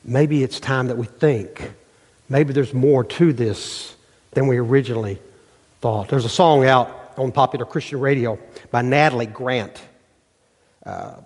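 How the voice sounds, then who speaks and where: A man's voice: medium pitch, a little mellow, breathy edge. Man preaching a sermon with rhetorical questions. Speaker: pastor. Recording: long hall reverb.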